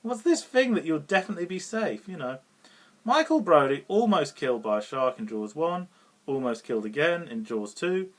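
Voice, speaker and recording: A man with a British accent talks through a film review off the cuff. He chuckles often, fills pauses with "um" and restarts his sentences. His pitch rises and falls in a lively way. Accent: British English. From Britain. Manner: rambling, chuckling often, with many fillers and restarts. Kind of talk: casual unscripted film review.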